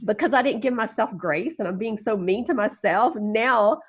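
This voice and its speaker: A woman guest on a podcast interview, telling self-mocking stories in an animated, encouraging way and laughing as she goes. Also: medium pitch, normal speed, husky. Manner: encouraging, upbeat. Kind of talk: casual storytelling interview.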